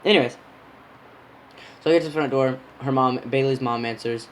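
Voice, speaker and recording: A man's voice: mid-range voice, fairly even intonation, fast, a little hiss or hum, poor audio. A young man casually telling a rambling personal story on his podcast, yawning and smacking his lips. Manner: rambling, self-interrupting, yawning and lip-smacking. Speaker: podcast host.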